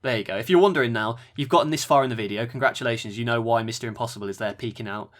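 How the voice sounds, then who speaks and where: A man's voice: medium pitch, rapid-fire. A man co-hosting a podcast, chatting casually and rambling with fillers while reviewing a wrestling event. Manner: relaxed, rambling, with fillers and laughs. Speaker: podcast co-host.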